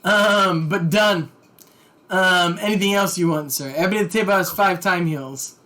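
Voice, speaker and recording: A man running a tabletop game as game master, brisk and laughing, calling his players sir. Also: high-pitched, pushed and bright.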